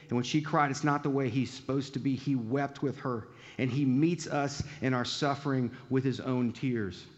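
A man preaching a sermon in a conversational way, asking the listeners questions and acting out the quotes he tells. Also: mid-range voice. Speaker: pastor. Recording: dull sound with long hall reverb.

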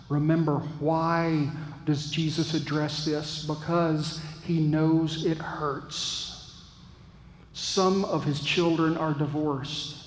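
A man preaching a sermon as pastor, earnest and reflective, with thoughtful pauses. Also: a little high, echoey room, big-room sound, poor audio. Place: church.

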